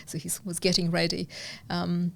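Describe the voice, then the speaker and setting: A woman's voice: on the low side, completely flat delivery, moderate pace, vocal fry. A middle-aged woman from Uzbekistan, a guest telling a personal story in an interview, earnest and hesitant with many fillers.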